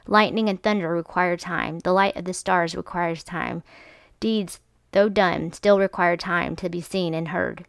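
A woman's voice: on the low side, gravelly, smooth, no room sound, clean studio sound. A woman reading a frantic lantern-bearing madman, stuffy-voiced. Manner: read aloud with mild emphasis. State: stuffy nose. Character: frantic man with a lantern, raving at a crowd.

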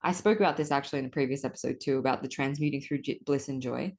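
A woman's voice: extremely low pitch, rapid-fire, darkish tone. A woman hosting a solo podcast, talking casually and animatedly about her spiritual life, swearing often. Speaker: podcast host.

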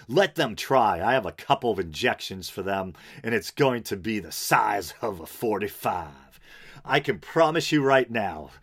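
A man's voice: lowish voice, lively intonation, unhurried, fairly bright tone, husky, exaggerated voice. A man putting on a blustering, defiant male preacher with a strange, put-on accent. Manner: put-on odd accent, boastful threats.

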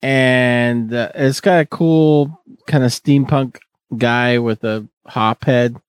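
A man's voice: medium pitch, fairly even intonation, takes it slowly, clear, resonant tone, dry recording. A man hosting a casual podcast chat, joking and rambling with many restarts. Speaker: podcast host.

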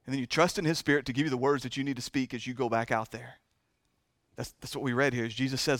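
A man preaching a sermon in a church, impassioned and repetitive, moving between hushed and loud delivery. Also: mid-range voice, quick pace, no echo, clean studio sound. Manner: chokes up with emotion. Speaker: pastor. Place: church sanctuary.

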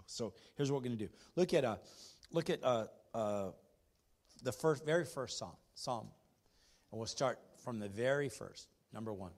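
A man preaching as a pastor in a church, rambling and chatty with many restarts, moving from hushed storytelling to loud exhortation. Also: fairly low pitch. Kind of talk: sermon.

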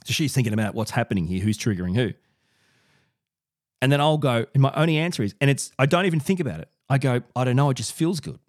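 A man hosting his own commentary video, speaking straight to the viewer in an animated, sarcastic way and often repeating words as he goes. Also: mid-range voice, quick pace. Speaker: podcast and video host. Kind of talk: direct-to-camera commentary.

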